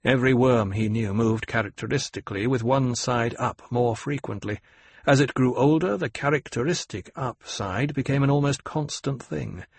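A man reading a novel aloud in a measured, even narrating manner. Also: mid-range voice, creaky, slightly rough, no echo. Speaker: audiobook narrator. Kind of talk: scripted narration.

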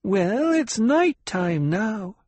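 A man's voice: sits high, big pitch swings, drawn-out words, darkish tone, no room sound, voice pushed up, exaggerated voice. A man voicing a reasonable, worried male court doctor who speaks soothingly.

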